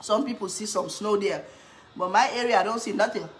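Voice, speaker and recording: A woman's voice: a little fast, a little hiss or hum. Chatty woman humming while eating. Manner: chatty, talks while eating, hums with pleasure, bursts into cheers; playful sales pitch for her own products. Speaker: cooking vlogger. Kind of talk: casual eating vlog chat.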